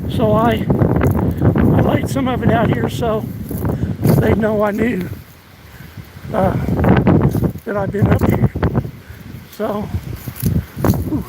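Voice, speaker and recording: A man out of breath, chatting casually on a live stream while walking his rural land, pausing and restarting often. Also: high-pitched, fairly even intonation. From United States. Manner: halting, drawling, many restarts and fillers. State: out of breath, winded. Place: outdoors on rural land in strong wind. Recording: outdoor phone audio with loud wind.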